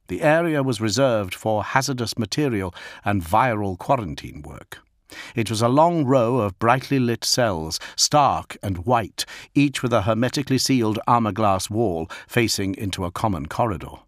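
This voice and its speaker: A man reading an audiobook as narrator, steady and measured. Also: lowish voice, no echo, clean studio sound.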